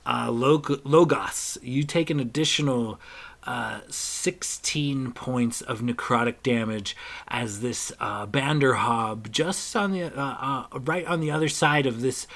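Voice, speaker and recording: A man narrating a tabletop game as game master, halting with many fillers. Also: medium pitch, fairly bright tone.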